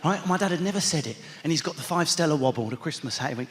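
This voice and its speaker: A man telling a stand-up comedy story, animated and building to shouted punchlines. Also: mid-range voice, quick pace, slight background noise. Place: large theatre stage. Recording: reverberant theatre hall with loud audience.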